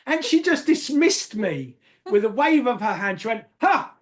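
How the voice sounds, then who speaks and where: A man's voice: sits high, very animated, moderate pace. An older man from England tells a personal story in a casual interview, hesitant and often repeating words, laughing at himself.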